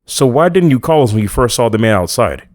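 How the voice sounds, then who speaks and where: A man voicing a calm, measured detective in his forties who speaks softly and neutrally. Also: mid-range voice, dry recording, clean studio sound, natural voice.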